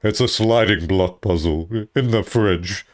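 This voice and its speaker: A stately, pompous gentleman professor from a puzzle game, as a man hams him up. He speaks low and very slowly, stretching out each word with mock dignity. The delivery is grand and unhurried. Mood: pleading. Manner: slow, drawn-out, mock-gentlemanly. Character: genteel older male professor, slow and pompous.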